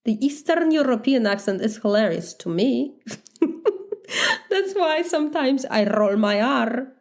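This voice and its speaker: A woman's voice: high-pitched, big pitch swings, measured pace. A woman with a Polish accent, a life coach speaking in a candid, reflective podcast monologue, laughing lightly now and then. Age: adult, married.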